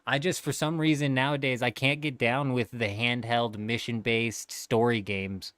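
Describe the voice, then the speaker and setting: A man's voice: medium pitch, steady tone, normal speed, fairly bright tone, dry recording. A man in his thirties chatting casually on a gaming livestream, laid-back and rambling, swearing freely.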